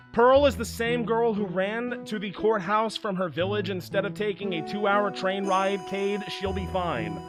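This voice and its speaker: A young man streaming a video game, excitable and ranting, swearing freely and often shouting at the story. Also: high-pitched. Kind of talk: let's play commentary.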